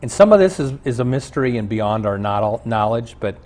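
A man's voice: medium pitch, expressive, brisk, a little mellow. A male pastor giving an earnest, emphatic Bible teaching and telling stories from his own life. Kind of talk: teaching sermon on a Bible show.

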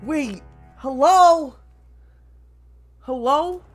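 A woman hosting an anime reaction video, ranting excitedly and swearing freely at her viewers. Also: high voice, extremely slow, dry recording, soft background music. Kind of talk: casual reaction commentary.

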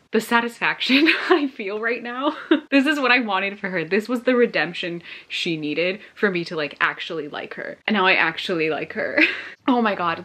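Emotional gushing young woman, breathy. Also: medium pitch, a bit bright. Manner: gushing, emotional, laughing often. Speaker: book vlogger. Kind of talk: casual reading reaction vlog.

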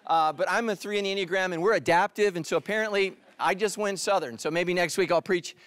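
A middle-aged pastor from California preaching a sermon, telling jokes and then dropping to a quiet, earnest tone. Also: male voice, high voice, fast talker, no room sound. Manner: joking storyteller, drops to a quiet earnest tone.

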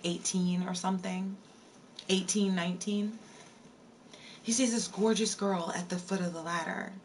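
A woman streamer spins a spooky tale for her viewers in an easy, chatty way. She repeats her lines, stops to answer the chat, then goes back to the story. Her voice sits at a middle pitch. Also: a little hiss or hum. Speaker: live streamer. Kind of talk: storytelling on a livestream.

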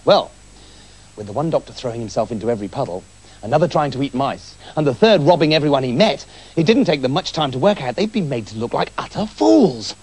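A man narrating a comic storybook tale in an animated, giggly manner. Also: mid-range voice, a little fast, husky.

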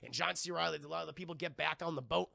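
A young man streaming a casual, excitable movie recap to his live chat, swearing often and calling out to the chat as he goes. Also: on the high side, very fast, creaky, dry recording, clean studio sound.

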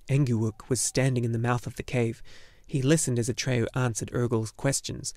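A man reading a fantasy novel aloud in steady storytelling narration. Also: mid-range voice, moderate pace, no room sound. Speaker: audiobook narrator. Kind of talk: scripted narration.

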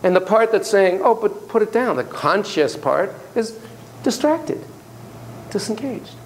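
A man's voice: high voice, measured pace, a little hiss or hum, poor audio. A man lecturing a university class on psychotherapy. He tells casual, self-deprecating stories with frequent asides and acts out the voices he quotes. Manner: animated storyteller who acts out quoted voices.

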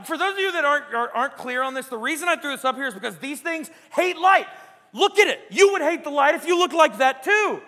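A man preaching a sermon as pastor, emphatic and swinging between quiet reflection and loud exclamation, often asking "right?". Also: very high-pitched, expressive, moderate pace, in a large hall. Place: church sanctuary.

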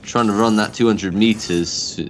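A man's voice: fairly low pitch, steady tone, a little slow, noisy background. A man from Australia chatting casually as a co-op gaming partner, dry and teasing. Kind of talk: casual gameplay chat.

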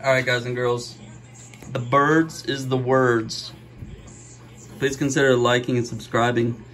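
A middle-aged man hosting a card-opening video, chatting casually and joking, with sudden gasps and bursts of excitement. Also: medium pitch, unhurried, faint music behind, low-quality recording. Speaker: card-opening channel host. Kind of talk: casual pack-opening commentary.

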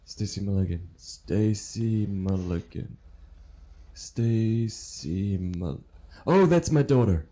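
A man's voice: mid-range voice, expressive, a little slow, mellow, natural voice. A man playing a confused, forgetful elderly man who stammers and repeats himself during a role-played traffic stop. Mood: confused, muddled. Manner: hesitant and repetitive, stammering. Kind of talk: role-play driving stop.

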